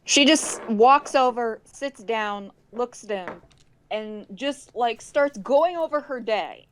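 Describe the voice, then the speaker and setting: Woman player, fairly high-pitched, halting and full of restarts. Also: a little hiss or hum, low-quality recording. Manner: hesitant, halting explanation with many restarts. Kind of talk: tabletop role-play over a call.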